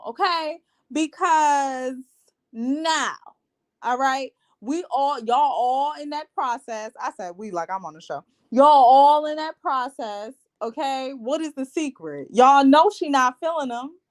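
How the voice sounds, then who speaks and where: Sassy, blunt woman recapping reality TV. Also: sits high. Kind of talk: casual TV review vlog.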